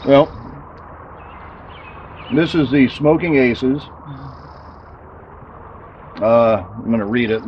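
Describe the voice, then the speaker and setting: A man's voice: medium pitch, very slow, pauses often, highs cut off, a little hiss or hum. A man hosting a casual outdoor cooking vlog, tasting and chatting while he eats. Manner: relaxed, eating while talking. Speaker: channel host.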